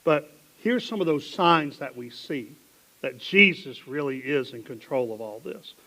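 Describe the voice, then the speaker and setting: A man with a Southern American accent preaching a sermon in a church, reading scripture dramatically and dropping into quiet asides. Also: medium pitch, measured pace, low-quality recording. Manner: animated, dramatic Bible reading with sudden drops to hushed asides. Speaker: pastor. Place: church sanctuary.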